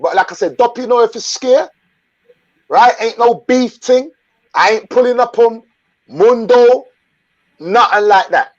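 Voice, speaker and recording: A man's voice: high-pitched, dull audio. A man, hosting his own channel and delivering an angry, blunt, profane rant that repeats its points. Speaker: channel host.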